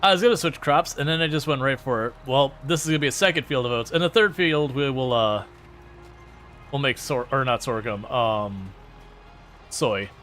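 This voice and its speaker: A man's voice: mid-range voice, normal speed, a bit bright, soft background music. A man chatting casually while streaming a farming game, rambling, joking and laughing often. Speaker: gaming streamer. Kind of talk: casual gameplay commentary.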